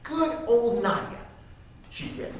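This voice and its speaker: A man acts out a harried, exasperated fellow who tumbles over his words as he vents about family drama. His pitch leaps up and down with lively swings. The stage recording is echoey, heard from far off with a faint hum. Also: slow pace, exaggerated voice. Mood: flustered. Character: flustered, harried man caught in family squabbles. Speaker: stage actor. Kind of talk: theatrical monologue. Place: theatre stage.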